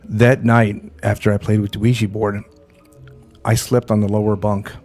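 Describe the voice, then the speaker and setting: A man hosting a paranormal podcast, speaking calmly and with reserve in a casual chat. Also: on the low side, normal speed, faint music behind. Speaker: podcast host.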